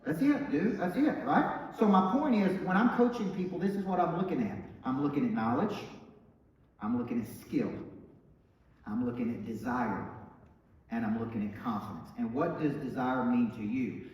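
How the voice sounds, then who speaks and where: A middle-aged man with a Southern accent giving an emphatic motivational talk, dropping low and quiet, then rising loud and bold. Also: normal speed, highs cut off. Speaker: motivational speaker. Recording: echoey hall, from far off.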